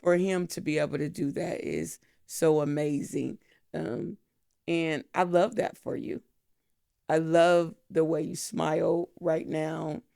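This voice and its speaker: A middle-aged woman with a gravelly, fry-tinged voice speaks a slow, heartfelt spiritual blessing to a young woman she mentors. Her delivery is tender and emotional, as if holding back tears. The sound is dry and close to the mic. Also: deep voice, little pitch movement, mellow, dry recording. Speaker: podcast host, mentor.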